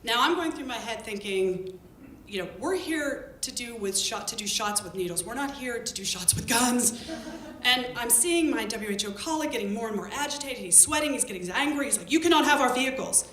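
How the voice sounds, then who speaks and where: A woman telling a lively story about her field work to an audience. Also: fairly quick. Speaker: public health worker telling a story. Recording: echoey room with faint rumble.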